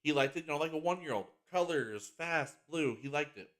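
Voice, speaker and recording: A man's voice: a little high, animated, fairly quick, a bit bright. A man hosting his own podcast in a casual solo chat, rambling and enthusiastic, with lots of "like" fillers and restarts. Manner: gets emotional and earnest about a heartfelt topic. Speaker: podcast host.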